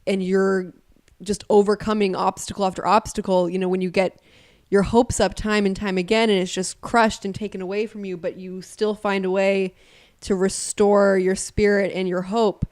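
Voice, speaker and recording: A woman hosts a podcast interview, her voice at a middle pitch. She speaks in an encouraging, affirming way to her guest, building her up sentence by sentence. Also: little pitch movement, moderate pace, a little mellow. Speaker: podcast co-host.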